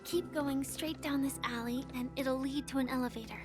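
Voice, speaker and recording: A woman voicing a game character who gives directions softly. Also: sits high, steady tone, normal speed, music in the background, natural voice. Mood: gentle.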